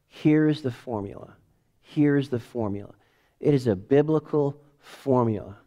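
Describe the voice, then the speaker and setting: A middle-aged man preaching as a pastor, emphatic, swinging from quiet asides to loud bursts and leading the congregation in call-and-response. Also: medium pitch, normal speed. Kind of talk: sermon.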